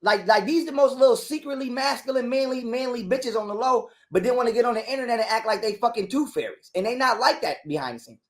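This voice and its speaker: A man telling a long story in a casual interview, animated and full of cursing and repetition. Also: extremely high pitch, fast talker, few pauses. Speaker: guest telling his story.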